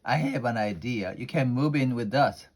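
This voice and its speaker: A man's voice: mid-range voice, normal speed, darkish tone, natural voice. A man voicing an earnest, clever young boy in a children's story. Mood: eager.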